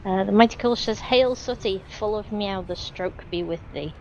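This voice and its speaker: A woman joining a gaming stream with playful, drawn-out remarks. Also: mid-range voice, darkish tone, dull audio, a little hiss or hum. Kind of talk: casual chat.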